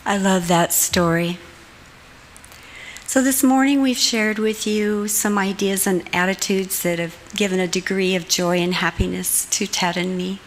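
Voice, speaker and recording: A woman giving a measured, reflective talk at a church service, recorded in the sanctuary. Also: medium pitch, steady tone. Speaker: lay speaker. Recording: long hall reverb, faint room noise.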